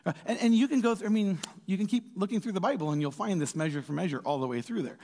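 Man, pastor, casual sermon, animated, acts out quotes, slightly high voice, long hall reverb. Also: fast talker.

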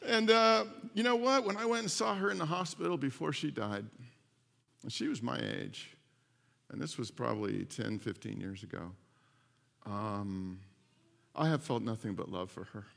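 Gravelly-voiced male pastor preaching in a hall. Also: mid-range voice, normal speed. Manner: animated, repeats phrases, laughs often. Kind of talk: sermon. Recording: long hall reverb.

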